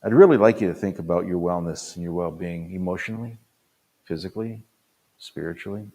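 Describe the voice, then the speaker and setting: A man around sixty, a pastor giving an earnest talk to other pastors, stressing points by repeating them and swinging between loud punches and quiet drops. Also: deep voice, a little fast. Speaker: pastor and conference speaker.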